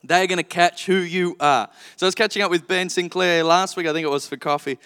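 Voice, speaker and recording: A man in his thirties preaching a sermon, telling stories in a lively, frank and self-deprecating way. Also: high-pitched, fairly quick, smooth. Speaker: pastor. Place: church auditorium. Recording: long reverb of a church hall.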